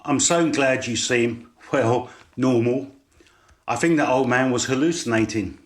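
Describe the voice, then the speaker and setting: A man voicing a young woman at a bus stop, shy and soft-spoken. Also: medium pitch, a little slow, natural voice. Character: young woman with slight American accent.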